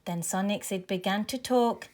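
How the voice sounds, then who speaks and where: A woman reading a children's story aloud in a clear, expressive way. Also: medium pitch, normal speed.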